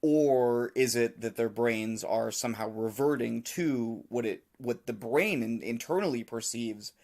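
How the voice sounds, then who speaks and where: A man's voice: medium pitch, unhurried, darkish tone. Man musing aloud in casual chat. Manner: musing aloud, thinking through ideas with fillers. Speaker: podcast co-host.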